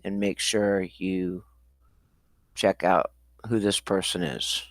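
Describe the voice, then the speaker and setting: A man giving viewers casual, slow, deliberate instructions. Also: low-pitched, little pitch movement, no room sound, studio quality.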